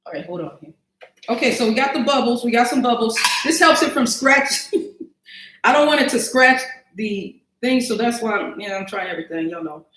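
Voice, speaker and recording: A woman's voice: on the high side, fairly bright tone, echoey room, poor audio. A woman hosting a casual cooking livestream, chatting to viewers as y'all and thinking aloud as she cooks in her home kitchen.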